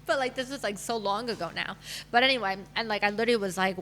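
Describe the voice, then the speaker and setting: A woman's voice: mid-range voice, fast, fairly bright tone, slight background noise. A woman in her thirties, a matchmaker, telling her own career story candidly in a podcast interview, with fillers and laughter. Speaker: guest, matchmaker.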